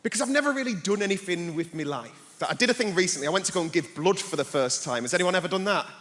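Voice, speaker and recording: A young man tells a stand-up story on a big theater stage, slipping into voices for the people in it. His voice sits fairly high. The recording has a long hall echo and loud crowd laughter behind him. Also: lively intonation, quick pace, background noise. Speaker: stand-up comedian. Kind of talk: stand-up set.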